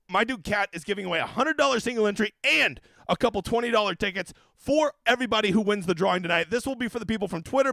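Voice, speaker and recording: A man's voice: high voice, gravelly, sharp tone, no room sound. A man hosting a fantasy golf livestream in a casual, profane, ranting way, with brash jokes aimed at his viewers. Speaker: daily fantasy golf streamer.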